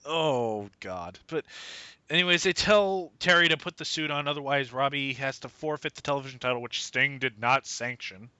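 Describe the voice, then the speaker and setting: A man co-hosting a casual wrestling review podcast, animated and fond of putting on mocking voices. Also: medium pitch, normal speed, smooth, dry recording. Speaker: podcast co-host. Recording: dull lo-fi podcast mic.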